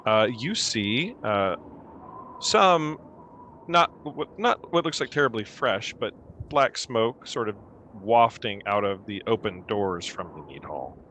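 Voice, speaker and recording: A young man narrating as game master, animated and playful as he sets the scene. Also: on the low side, slow pace, a little hiss or hum.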